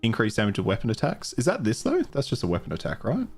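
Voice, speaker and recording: A man's voice: mid-range voice, wildly swooping pitch, fast talker, husky, faint music behind. A man with a mild Australian accent streaming a video game, chatting casually, thinking aloud and laughing easily. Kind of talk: casual live-stream commentary.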